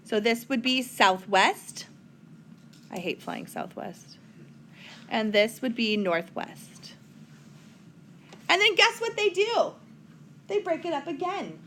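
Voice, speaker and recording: A woman's voice: sits high, lively intonation, takes it slowly, pauses often, fairly bright tone, slight background noise. Chatty woman teaching a math lesson. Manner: chatty, playful asides to students. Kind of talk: recorded whiteboard math lesson.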